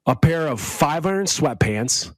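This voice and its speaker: A man's voice: on the high side, animated, unhurried, dry recording. A man co-hosting a casual podcast, laid-back and joking, laughing often. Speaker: podcast co-host.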